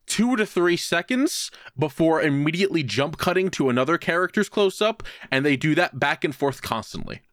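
A man's voice: fairly high pitch, lively intonation, moderate pace, hardly any pauses, fairly bright tone, dry recording, clean studio sound. A man co-hosting a casual podcast, swearing often as he rants through a movie recap. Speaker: podcast co-host.

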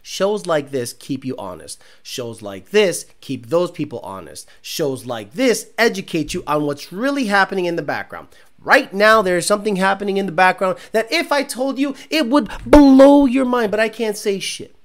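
A man's voice: sits high, expressive, moderate pace. Man, car show host, casual livestream, profane, mocking, ranting. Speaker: car show host reading live chat.

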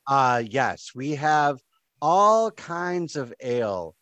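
A man voicing an overly friendly, oddly secretive male tavern keeper in a tabletop game, drawing his welcoming lines out slowly. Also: medium pitch, sing-song, fairly bright tone, dry recording, heavily acted. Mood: eager. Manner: slow, drawn-out welcoming lines.

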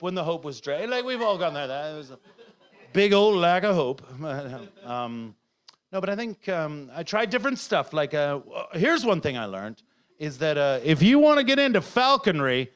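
A middle-aged man performing a rambling, self-heckling stand-up set, now and then bursting into shouts. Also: sits high. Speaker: stand-up comedian.

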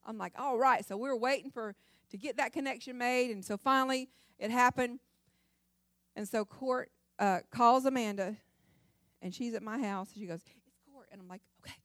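Middle-aged woman speaker, higher voice, dry close sound, emphatic testimony-style delivery. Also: normal speed, no room sound. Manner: dramatic, emphatic storyteller. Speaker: church speaker. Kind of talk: sermon testimony.

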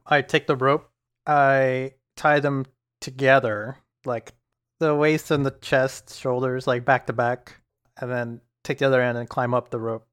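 A man playing a tabletop game, calmly explaining his character's actions step by step. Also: mid-range voice, measured pace, clear, resonant tone. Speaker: player. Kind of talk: casual tabletop play.

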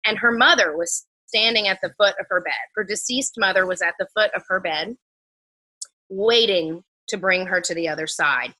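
A woman's voice: medium pitch, moderate pace, low-quality recording. A woman who works as a medium, telling a personal story earnestly in casual conversation. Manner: earnest, drops to a hushed voice when telling intimate moments.

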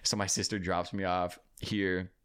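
A man telling a long story on a casual podcast, swearing a lot and acting out the people in it loudly. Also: sits low, a little slow, clean tone. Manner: animated, profane, acts out quotes loudly. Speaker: podcast guest.

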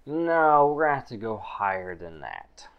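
A man's voice: lowish voice, very animated, normal speed, clear, resonant tone, highs cut off. A man voicing a sly male market merchant with oily salesman patter. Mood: slick.

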